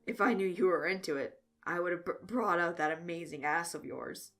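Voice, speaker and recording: A woman playing a deadpan teenage comedian. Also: fairly low pitch, normal speed. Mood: teasing. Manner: deadpan with small stutters.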